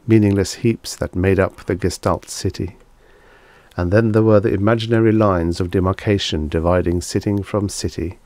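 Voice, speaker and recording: Male narrator for an audiobook, slow, lowish, measured, deliberate, science fiction reading. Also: a little mellow, dry recording. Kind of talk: scripted narration.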